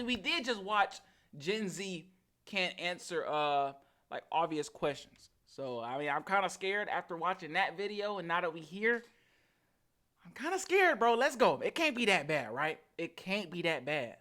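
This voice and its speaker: Brief: American man, reaction host, bright forward tone, slangy and jokey. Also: sits high. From United States. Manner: chatty, slangy, nervous joking. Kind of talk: casual reaction commentary.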